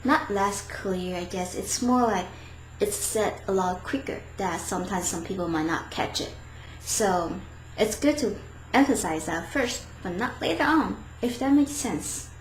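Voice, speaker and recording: A woman's voice: mid-range voice, animated, a little slow. Chatty woman teaching in an echoey room. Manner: chatty, hesitant, self-correcting. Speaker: language teacher. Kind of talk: casual video lesson. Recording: echoey room, faint background noise.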